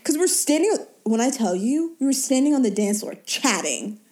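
A woman's voice: high-pitched, expressive, normal speed, darkish tone. A young woman co-hosting a podcast, telling a story in casual chat with lots of laughing. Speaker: podcast co-host.

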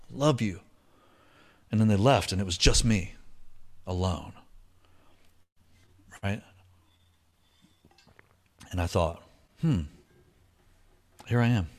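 Middle-aged man, lower-pitched voice, easygoing storyteller who mimics the people in his tale. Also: unhurried, long pauses. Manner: casual, laid-back, slangy storytelling with lively put-on voices for quoted people. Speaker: speaker sharing a recovery story. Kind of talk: personal storytelling talk.

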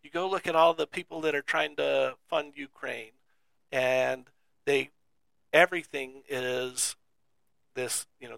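A man's voice: medium pitch, steady tone, measured pace, vocal fry, long pauses, fairly bright tone, no room sound. A man co-hosting a podcast in casual chat, rambling and skeptical, stumbling and restarting as he talks. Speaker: podcast co-host.

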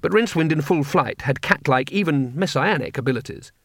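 A man's voice: on the high side, expressive, a bit bright, dry recording. Dry, wry male audiobook narrator. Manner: wry, brisk comic storytelling. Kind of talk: scripted narration.

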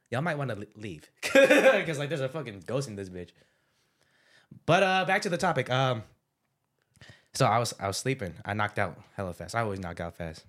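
A man's voice: fairly low pitch, a bit bright. A young man telling stories in a casual chat with friends, slangy and laid-back, laughing often. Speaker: podcast co-host.

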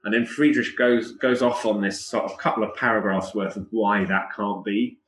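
A man's voice: fairly low pitch, normal speed, a little hiss or hum. A man, a guest musician, telling chatty anecdotes in a casual podcast conversation. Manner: animated, chatty anecdotes with laughs. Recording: echoey room.

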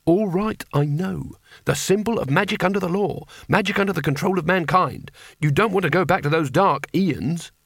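A man puts on a flustered wizard who frets and protests, his voice jumping up high whenever he panics. The tone stays dry and close, with a gravelly edge. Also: a little fast, a bit bright, no echo, full character voice. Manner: nervous, whiny, defensive. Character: flustered cowardly male wizard, jittery.

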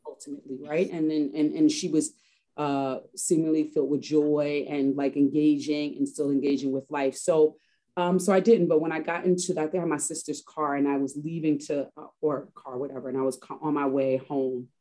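A woman's voice: low-pitched, little pitch movement, normal speed, warm tone. A woman from Harlem, New York, reflectively telling a personal story as an interview guest, often restarting her sentences. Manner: reflective, with frequent restarts and fillers.

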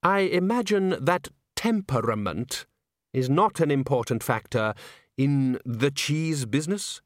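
A man's voice: mid-range voice, expressive, no room sound, studio quality, lightly acted. A man voicing a snooty male music director who speaks with pained, superior patience. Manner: superior, drawn-out.

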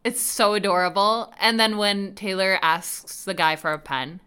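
Bright, smooth woman, casual podcast co-host, animated recap chat. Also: medium pitch, normal speed. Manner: animated, acts out lines from scenes.

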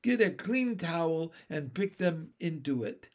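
A man reading the part of a kind, capable older sister, a girl who speaks gently and motherly. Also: a little high, sing-song, measured pace. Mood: gentle.

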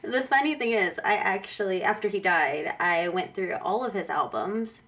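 A woman's voice: medium pitch, normal speed. A woman in her thirties from Texas, a guest artist chatting casually with frequent laughter. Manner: giggly, chatty, lively. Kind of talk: casual chat.

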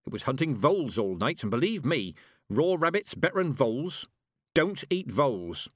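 A man's voice: mid-range voice, very animated, normal speed, a bit bright, no echo, pitched above the performer's own voice. A man reading an audiobook voices a stern old witch woman who speaks in a blunt, clipped, dry way. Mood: gruff.

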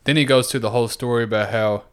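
Casting: relaxed man, podcast co-host, clear smooth tone, swears freely while recapping. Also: mid-range voice, fast. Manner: animated retelling with acted-out quotes; profane and laid-back. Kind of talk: casual chat.

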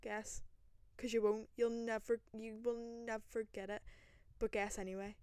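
A young Northern Irish woman hosting a podcast, telling a story in a lively, self-mocking way, full of rambling asides, into a single microphone. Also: a little high, measured pace, clean tone, no room sound, studio quality. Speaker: podcast host. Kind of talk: casual solo storytelling.

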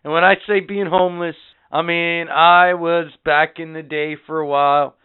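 A man hosting a podcast in profane, rambling casual chat, swinging between loud and quiet. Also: fairly high pitch, fairly even intonation, moderate pace, clear, resonant tone. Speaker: podcast host. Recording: phone-like lo-fi audio.

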